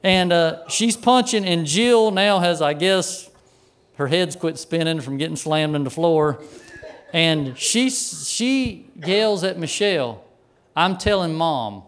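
A middle-aged male pastor telling a childhood story in a sermon, folksy and animated, chuckling as he goes. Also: on the high side, slow, clean tone.

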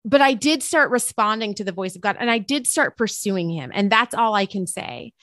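A woman guest tells a personal story with a bright, forceful voice. She shifts into the voices of the people she quotes. The room is dry and close. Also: medium pitch, normal speed, dry recording. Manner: expressive, acts out quoted dialogue. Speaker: interview guest and author; teacher.

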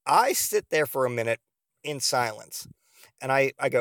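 A man's voice: mid-range voice, lively intonation, normal speed, gravelly, a bit bright, no echo, studio quality. A man hosting a podcast, telling a comedic story in a rambling, profane way full of fillers. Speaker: podcast host.

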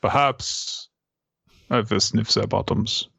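A man's voice: on the low side, takes it slowly, gravelly, sharp tone, breathy edge, no echo, full character voice. A man doing a pompous, stately dog. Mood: mock-grand. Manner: mock-formal, stately phrasing. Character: pompous dog musing about the park.

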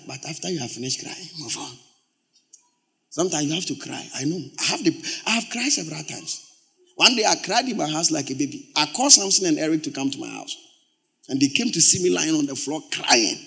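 A male pastor preaches a sermon in a creaky voice, repeating words for emphasis. He swings between loud exclamations and low, quiet storytelling.

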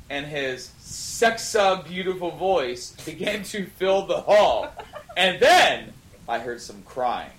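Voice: mid-range voice, a bit bright. A podcast guest reading fan fiction aloud at home in a dining room, drawing the lines out. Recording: echoey, noisy room.

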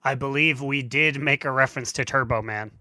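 Playful guy on a podcast, bright animated voice, dry close sound. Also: mid-range voice, a little fast, dry recording. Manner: playful, loud exclamations, teasing. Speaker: podcast co-host. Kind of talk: casual chat.

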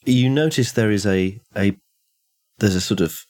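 A man running a tabletop horror game, describing scenes in a relaxed way with fillers. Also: on the low side, a little slow. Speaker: game master.

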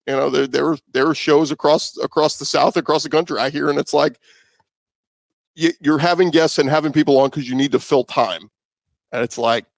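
A man's voice: medium pitch, no echo. A man who works as a sports radio host, talking casually in an interview, loose and conversational with many fillers and restarts.

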